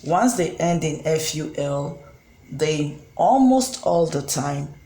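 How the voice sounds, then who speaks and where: An English tutor giving a recorded grammar lesson, slow and deliberate, spelling out letters and pausing on frequent ums. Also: mid-range voice, lively intonation, dark tone. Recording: roomy echo with faint background hum.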